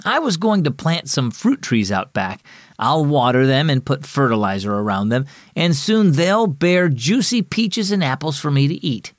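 Man playing a kindly Sunday school teacher, gentle, patient, encouraging, dry close mic. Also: a little high, sing-song, moderate pace, no echo.

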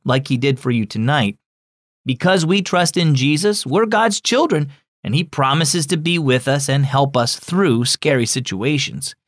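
A man's voice: fairly high pitch, no echo, clean studio sound, natural voice. A man voicing a patient father reassuring his children in a children's story. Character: calm loving father.

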